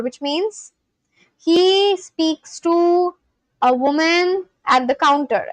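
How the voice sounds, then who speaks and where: A woman from Kolkata, West Bengal, India chats casually on a live stream while learning a language, speaking phrases aloud and then translating them. Her voice is very high and very slow, captured in a low-quality recording without echo.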